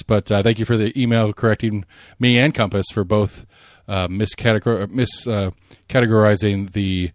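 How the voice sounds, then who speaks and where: A podcast host chatting casually and rambling about local politics, full of fillers and restarts. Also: male voice, lowish voice, fairly even intonation, fairly quick, hardly any pauses, no room sound, clean studio sound.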